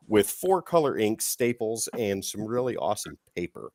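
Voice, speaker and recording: A man hosting a live comic book stream, announcing in a playful showman style with big swings in loudness. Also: on the low side, very animated, moderate pace, few pauses, dry recording, clean studio sound. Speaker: host. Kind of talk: hyped show-host patter.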